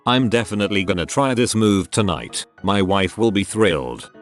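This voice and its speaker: A low-voiced man narrating online stories in a lively, up-and-down delivery. He reads the text very literally, even where it sounds odd. Faint music plays underneath. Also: normal speed. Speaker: narrator reading online posts. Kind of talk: scripted narration.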